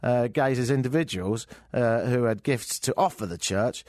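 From a radio studio, an English talk show host riffs on the news in a sarcastic, joking way into a studio microphone. This man has a mid-range, darkish voice and speaks at a normal speed, with clean studio sound and no room sound.

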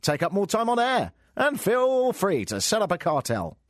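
Sarcastic English radio host, lively pitch. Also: male voice, moderate pace, dry recording, studio quality. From England. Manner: sarcastic, joking. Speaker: radio talk show host. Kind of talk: talk radio monologue. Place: radio studio. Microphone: studio microphone.

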